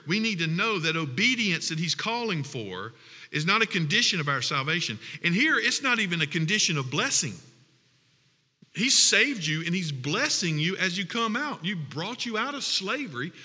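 A man's voice: high voice, bright, forceful tone, husky, big-room sound. A man preaching a sermon as pastor, repeating phrases for emphasis.

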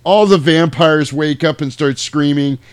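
A man casually retelling a movie plot, animated and swearing, now and then jumping into loud character voices. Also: on the high side, a little slow, clear, resonant tone, no echo. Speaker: podcast host retelling a movie. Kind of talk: casual chat.

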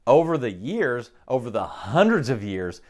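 A man's voice: medium pitch, sing-song, unhurried, darkish tone. A man preaching a conversational sermon, often checking in with the listeners by asking "okay?". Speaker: pastor.

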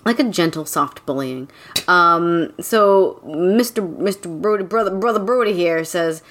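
A woman's voice: on the low side, measured pace, fairly bright tone. A woman co-hosting a casual podcast chat about a book, wry and sarcastic, swearing freely as she works through her notes. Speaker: podcast co-host.

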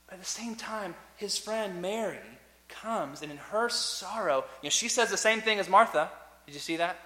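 Bright-voiced preacher man in a reverberant hall. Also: sits high, brisk. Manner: earnest preaching with sudden loud and soft swings. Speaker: pastor. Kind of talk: sermon. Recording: long reverb of a large hall.

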